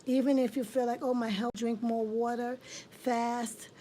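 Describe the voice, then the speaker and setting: A woman reads tarot cards on a livestream, welcoming viewers with warm repeated phrases. Her voice sits a little high but sounds mellow and dark in tone, with a faint hiss under it. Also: level tone, unhurried, rough recording. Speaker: tarot reader hosting a livestream. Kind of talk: casual livestream tarot reading.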